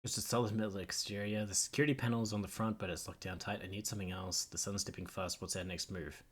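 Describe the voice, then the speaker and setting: A man's voice: on the low side, steady tone, fast, slightly rough. Synthetic male voice as an earnest stranded astronaut. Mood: urgent. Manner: polite, insistent, deflects jokes. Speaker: game character.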